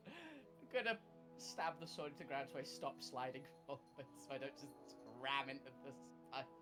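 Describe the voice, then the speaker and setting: A man's voice: mid-range voice, a little fast, over music. A man playing a tabletop game on an online voice call, telling what his character does and laughing through his lines. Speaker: player.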